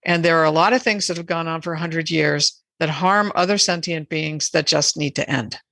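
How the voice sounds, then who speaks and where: A woman guest on a podcast interview, explaining in a measured, earnest way. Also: deep voice, a bit bright, no room sound. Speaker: animal rights advocate guest.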